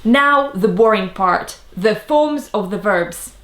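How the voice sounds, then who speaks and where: A woman teaching a language lesson, saying each example word slowly and carefully. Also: on the high side, animated, reverberant. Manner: slow careful enunciation of example words.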